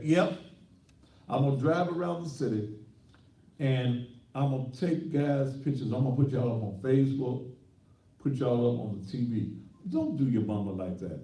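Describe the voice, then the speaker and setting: A man's voice: medium pitch, normal speed, pauses often, dark tone, distant mic. A man who is a pastor hosting a call-in talk show, ranting in a brash, boastful and mocking way. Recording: echoey room, voice from off the mic.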